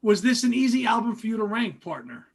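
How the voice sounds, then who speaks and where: Gravelly high-voiced man chatting. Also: very animated, a little fast. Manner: chatty, laughs while telling stories. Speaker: podcast co-host. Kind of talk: casual chat.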